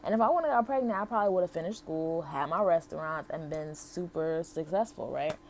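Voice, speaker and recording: A woman's voice: sits low, a little fast. A woman in her thirties from the United States, telling her personal story to camera in a chatty, heartfelt way full of "like" and "um". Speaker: vlogger.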